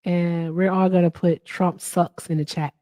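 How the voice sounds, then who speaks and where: A woman's voice: fairly low pitch, flat delivery, moderate pace, mellow, no room sound. An upbeat woman hosts a livestream and talks casually to her viewers. She keeps tossing in "all right" and swears without a second thought. Her voice is dry and close on a streaming mic. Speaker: livestream host.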